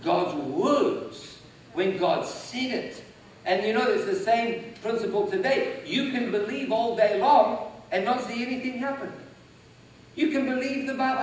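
A male preacher with a notably high voice delivers a sermon in a big church hall. His emphatic lines swell into loud declarations, and the sound carries a heavy echo, picked up from some distance. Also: moderate pace, a little hiss or hum. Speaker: pastor. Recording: echoey hall, mic at a distance. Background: congregation responding.

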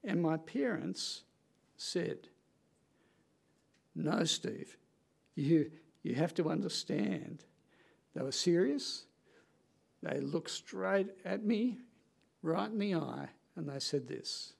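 A man preaching a sermon in an earnest, conversational way, slowing down with dramatic pauses for emphasis. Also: a little high, creaky, darkish tone.

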